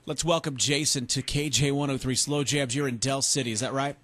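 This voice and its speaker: A man hosting a late-night radio dedication show from the studio, with smooth, steady on-air patter. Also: mid-range voice, brisk.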